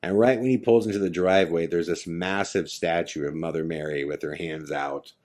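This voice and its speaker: Man telling a story in a lowish voice. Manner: animated, acts out friends' lines in quick quotes. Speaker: podcast host. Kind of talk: casual storytelling.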